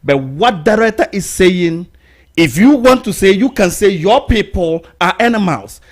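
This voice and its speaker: A man's voice: high-pitched, lively intonation, unhurried. Firm Ghanaian man hosting live. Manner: firm, repeatedly cuts in to control a caller. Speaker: host. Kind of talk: live political talk show hosting.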